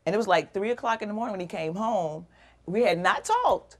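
A woman's voice: medium pitch, fairly quick. A middle-aged woman, a guest on an interview show, telling an emotional personal story and animatedly acting out the voices of people she quotes.

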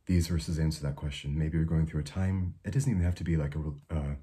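A young man giving an informal devotional talk, soft-spoken and unhurried, with many fillers and restarts. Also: extremely low pitch, fairly even intonation, husky. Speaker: preacher.

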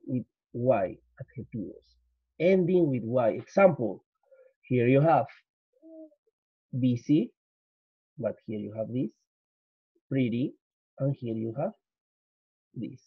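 A man with a Spanish accent teaching an English grammar lesson, explaining slowly, repeating points and switching into Spanish for his students. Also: medium pitch, expressive, breathy edge, no echo. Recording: dull lo-fi.

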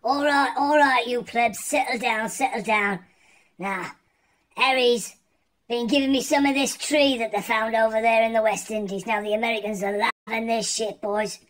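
A man's voice: extremely high pitch, fairly even intonation, normal speed, fairly bright tone, pitched below the performer's own voice, poor audio. A man voicing a swaggering, crude king, bossing his subjects around. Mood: bossy. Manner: crude, bossy, condescending. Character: swaggering rude English king, adult man.

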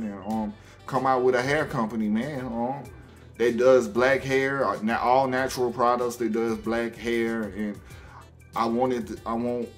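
Speaking in a mid-range voice with a Southern accent, this young Alabama man chats to camera on his channel. His delivery stumbles with frequent ums and false starts over faint background music.

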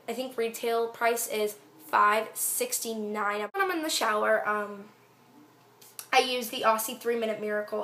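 A woman's voice: fairly high pitch, fairly bright tone. A teenage girl chatting casually through her hair care products, rambling with lots of fillers. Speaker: beauty vlogger. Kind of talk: casual product review vlog.

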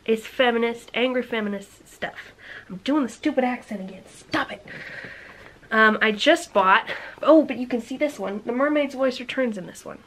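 A woman vlogging to camera in a casual chat, talking quickly and energetically, teasing with rhetorical questions and sometimes dropping into soft, near-whispered asides. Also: on the high side, expressive, a little hiss or hum, low-quality recording. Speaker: book vlogger.

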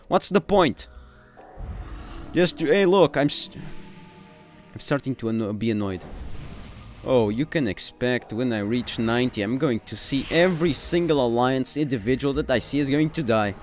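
A man's voice: mid-range voice, lively intonation, normal speed, faint music behind. A man giving gameplay commentary, ranting in irritation at other players. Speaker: gaming YouTuber.

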